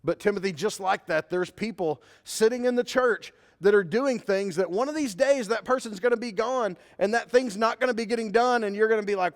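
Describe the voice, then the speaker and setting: A man's voice: high-pitched, brisk, few pauses. A man preaching a conversational sermon as a pastor, mixing scripture with a personal story. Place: church sanctuary. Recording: long hall reverb.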